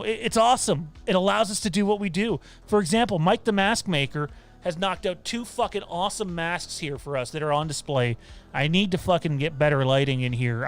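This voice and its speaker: Smooth-voiced man hosting a casual stream. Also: fairly high pitch. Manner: loose, swearing, frequent fillers. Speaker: podcast host. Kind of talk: casual livestream chat. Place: home room.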